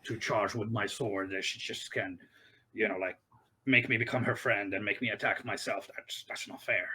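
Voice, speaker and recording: A man's voice: on the low side, fairly even intonation, normal speed, bright, forceful tone, slight background noise, voice pushed down. A man voicing a boastful, proud male warrior who brags about his strength and complains about mages. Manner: boastful, indignant.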